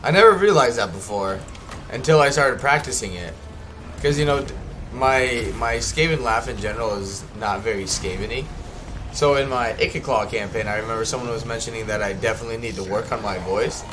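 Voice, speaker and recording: A man's voice: medium pitch, fairly quick, noisy background. A young man streaming a strategy game, chatting casually and rambling, with many fillers and self-corrections. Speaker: gaming streamer. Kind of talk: casual livestream commentary.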